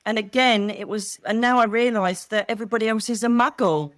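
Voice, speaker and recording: Animated English woman, dry close sound. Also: on the high side, a little fast, dry recording. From England. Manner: animated storytelling, acts out quoted voices. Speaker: guest psychic medium. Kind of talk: casual interview chat.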